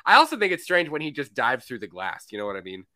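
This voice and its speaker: A man co-hosting a casual movie podcast, animated and laughing often as he acts out scenes. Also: medium pitch, quick pace. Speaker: podcast co-host.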